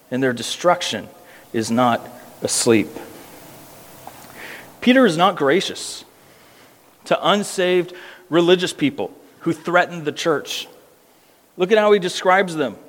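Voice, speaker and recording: A man preaching an expository sermon, emphatic, repeating words for weight and slowing down on key phrases. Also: a little high, expressive. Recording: long reverb of a church hall.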